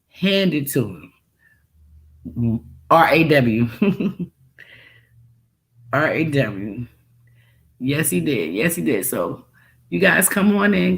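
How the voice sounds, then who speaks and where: A woman with a Texan and New York accent talks slowly to her livestream viewers. She keeps repeating her phrases and laughing between them. Her voice has a gravelly, creaky edge. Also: low voice. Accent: mix of Texan and New York. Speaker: livestream host reacting to a video. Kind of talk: casual livestream chat.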